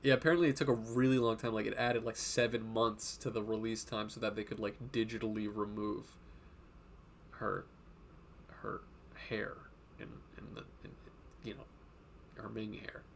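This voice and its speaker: Drawing on a casual art livestream, the host rambles from one tangent to the next, swearing freely and often slipping into quoted voices with animated energy. His voice sits on the low side, moderate in pace with vocal fry, against slight background noise.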